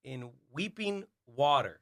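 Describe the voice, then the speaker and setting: A man's voice: medium pitch, big pitch swings, takes it slowly, a bit bright, no room sound, clean studio sound. A man co-hosting a comedy podcast who laughs a lot and reads facts out plainly. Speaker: podcast co-host. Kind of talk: casual comedy podcast banter.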